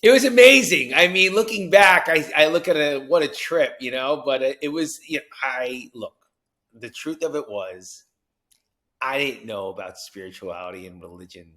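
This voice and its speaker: A man from New Jersey, a podcast guest telling his story with animated energy and acted-out quotes. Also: mid-range voice, moderate pace. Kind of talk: storytelling interview.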